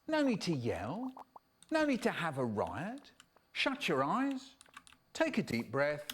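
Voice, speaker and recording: A woman putting on a soothing voice that hushes and calms someone down. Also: low voice, slight background noise, voice pushed down, heavily acted. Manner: soothing, hushing, drawn-out.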